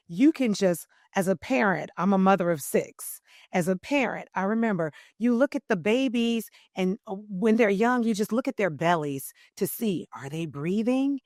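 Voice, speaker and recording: Slow, emphatic woman voice coach. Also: on the low side, no room sound, clean studio sound. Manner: emphatic, teacherly, swings between loud and soft phrasing. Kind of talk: interview guest explaining.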